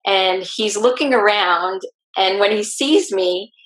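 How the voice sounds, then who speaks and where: A woman guest telling a personal story in an interview, lively and acting out what people said. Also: mid-range voice, slow. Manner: animated, acts out quoted speech. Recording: roomy echo.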